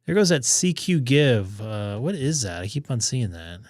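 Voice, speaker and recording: A man's voice: mid-range voice, very animated, moderate pace, darkish tone, no room sound, clean studio sound. A man losing his voice, chatting casually as he hosts a ham radio live stream and thinks aloud. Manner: rambling, thinking aloud with fillers.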